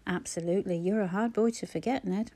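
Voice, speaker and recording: A wry young mother, voiced by a woman reading a novel aloud. She protests gently and answers her friends with dry humour. Her tone is mellow and soft. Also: mid-range voice, brisk, close to an everyday voice. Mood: gentle.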